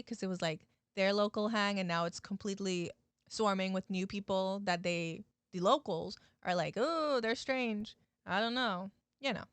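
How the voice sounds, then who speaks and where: A woman's voice: mid-range voice, a bit bright, clear, resonant tone, dry recording. A woman YouTube host recapping a story in a chatty, casual way, talking straight to her viewers. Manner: chatty, addresses viewers, many "like" fillers.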